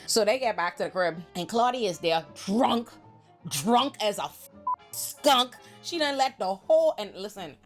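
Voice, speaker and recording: A woman hosting a casual TV episode recap, telling it in an animated, slangy, profane way. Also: medium pitch, measured pace, soft background music. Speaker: host.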